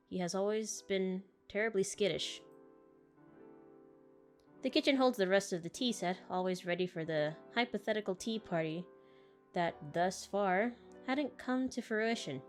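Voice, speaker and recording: A woman playing through a story game, chatting casually and reading its text aloud with frequent giggles. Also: fairly low pitch. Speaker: gaming YouTuber. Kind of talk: game playthrough with read-aloud narration.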